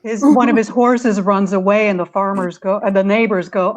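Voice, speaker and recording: A woman panelist telling a story with lively retelling over a video call. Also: medium pitch, moderate pace.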